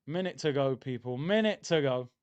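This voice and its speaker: A man's voice: mid-range voice, moderate pace, smooth, lo-fi sound. A man streaming a live football watchalong, chatting casually about the match and reading out viewer comments. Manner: chatty, reads out viewer comments, excitable bursts. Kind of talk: live match reaction chat.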